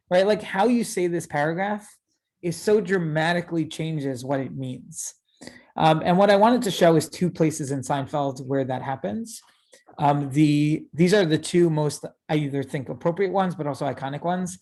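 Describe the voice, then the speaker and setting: A man's voice: fairly high pitch, normal speed, darkish tone. A man in his thirties, a rabbi giving a casual lecture, chatty and full of fillers and tag questions. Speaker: rabbi teaching a class.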